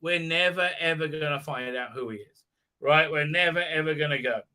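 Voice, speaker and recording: A man rants his way through an episode recap, sarcastic and scornful. His voice is very bright and cutting and sits a little high. He mocks the characters by mimicking them, and his talk is full of stammered fillers and repeated "right?". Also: moderate pace. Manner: mocking, mimics characters in exaggerated squeaky voices. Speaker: channel host.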